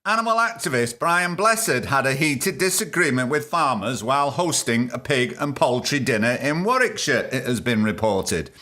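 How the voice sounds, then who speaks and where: A man's voice: a little high, pushed and bright. A man hosting a podcast, giving irreverent, sarcastic, rambling comic commentary on news stories. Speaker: podcast host.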